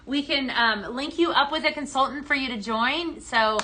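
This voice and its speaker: A woman's voice: high-pitched, moderate pace, background noise. A woman hosting a live sales demo who chats with viewers and reads out their comments. She talks with lots of enthusiasm and plenty of "um"s. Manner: enthusiastic with fillers and restarts. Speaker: host of a live home-fragrance sales show. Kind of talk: casual live-stream product demo.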